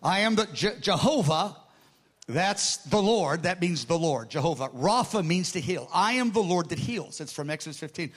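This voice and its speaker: High-voiced man preaching a sermon. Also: normal speed. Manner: animated storytelling, acting out quoted dialogue; repeats words when starting phrases.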